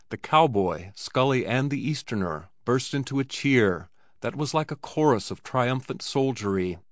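A man narrating a classic story in a measured, dramatic reading. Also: medium pitch, dry recording, clean studio sound.

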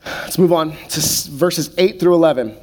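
A man in his thirties preaching a sermon, slowing to soft, deliberate pauses on key phrases. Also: on the high side. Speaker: pastor.

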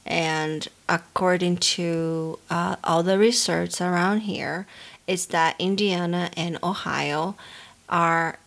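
A woman co-hosting a chatty podcast, talking slowly in a lowish voice. She is unhurried and often pauses on fillers before going on. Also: steady tone, vocal fry, fairly bright tone. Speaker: podcast co-host. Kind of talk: casual chat.

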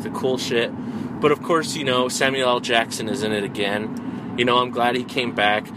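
A man's voice: mid-range voice, background noise. Profane man retelling a movie in a car. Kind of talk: casual movie chat.

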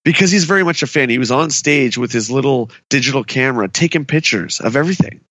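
A man's voice: medium pitch, quick pace, no room sound. A man co-hosting a pop culture podcast, telling stories with energy and acting out what people said in a raised voice. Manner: animated storyteller, acts out quotes in raised voice. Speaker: podcast co-host. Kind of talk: casual chat.

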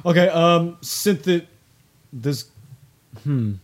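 Flustered, excitable improv performer stammering through a scene. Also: medium pitch, takes it slowly, a little hiss or hum. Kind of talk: improv comedy.

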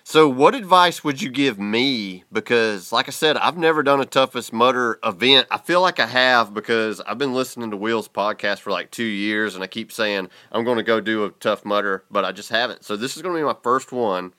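A bright-voiced man with a drawl, hosting a relaxed podcast chat. He talks in an easygoing, friendly way, tossing questions to his guest. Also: medium pitch, normal speed, few pauses. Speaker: podcast host. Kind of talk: casual interview chat.

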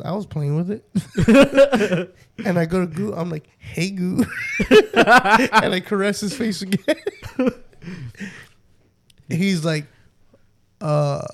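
A young man with a notably high voice tells a rowdy story to his friends. His talk is loose and full of swearing. He keeps laughing through it. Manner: profane, laughing, animated storytelling. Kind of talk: casual chat.

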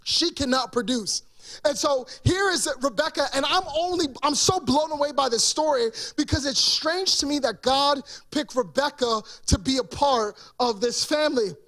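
A man's voice: extremely high pitch, normal speed, a bit bright. A male pastor preaching an emphatic sermon and throwing rhetorical questions to the congregation.

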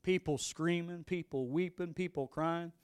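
A man's voice: on the high side, measured pace, a little mellow, clear, resonant tone, no room sound. A middle-aged male pastor telling a story in a sermon and pressing his point with emphatic, repeated exhortations.

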